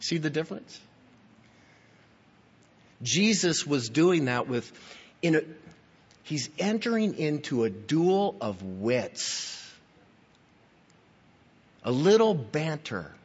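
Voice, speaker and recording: A man's voice: a little high, big pitch swings, slow, pauses often, slightly rough. A man preaching a sermon as pastor, emphatic and teaching, speaking straight to his listeners. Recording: dull, lo-fi recording in a reverberant hall.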